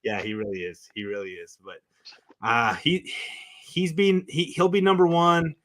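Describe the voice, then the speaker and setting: A man on a talk show as a guest, telling stories with excitement and emotion, often restarting his sentences. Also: mid-range voice, a little slow. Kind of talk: casual chat.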